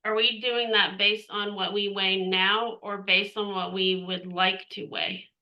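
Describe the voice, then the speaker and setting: A woman's voice: mid-range voice, level tone, measured pace, highs cut off. A woman in the class asks the host a short, polite question. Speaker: class participant.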